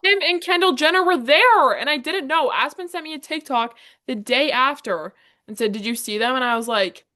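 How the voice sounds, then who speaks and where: A young woman co-hosting a podcast, chatting casually and rambling quickly through her stories. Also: high-pitched, animated, sharp tone. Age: young adult. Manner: fast, rambling storytelling. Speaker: podcast co-host. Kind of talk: casual chat.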